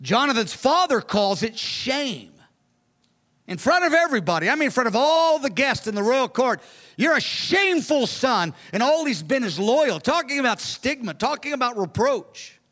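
A man preaching a verse-by-verse Bible teaching in an animated, conversational way, acting out the characters as he goes. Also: very high voice, normal speed. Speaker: pastor. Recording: long hall reverb.

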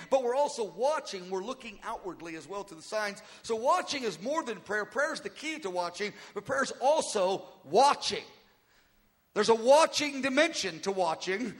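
A high-pitched, bright male preacher delivers an earnest teaching sermon, circling back over his points to drive them home. His voice rings out with a long reverb trailing through a large hall.

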